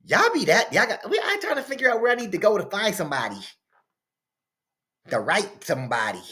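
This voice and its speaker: A reaction host speaking talks over a clip, cursing freely. His voice leaps all over the place, sinking to low mutters and then jumping up into high shouts. The style is loose, casual commentary. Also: big pitch swings, a little fast. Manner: loud, swinging from mutters to shouts, profane.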